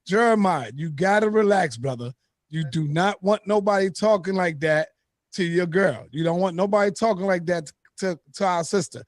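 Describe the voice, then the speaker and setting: Male moderator, high pitch, preachy and calming, dry sound. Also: normal speed, dry recording. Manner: calming, preachy, says brother and sister. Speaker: debate moderator. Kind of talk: moderating a debate.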